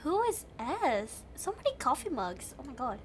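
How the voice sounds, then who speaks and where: A woman's voice: sits high, very animated, normal speed, a little hiss or hum. A young woman streaming a game, thinking aloud in casual chat, giggly and chatty. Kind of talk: casual live game commentary.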